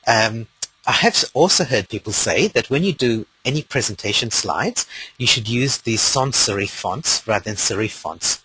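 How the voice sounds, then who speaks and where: A man's voice: on the low side, pushed and bright, slightly rough, no room sound, rough recording. A man with an Australian accent presenting a live webinar, explaining step by step in a conversational way with frequent fillers.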